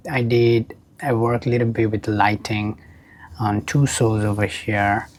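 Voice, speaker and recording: A man's voice: fairly low pitch, level tone, measured pace. A man hosting a casual podcast interview, upbeat and friendly, with slightly non-native phrasing. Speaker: podcast host.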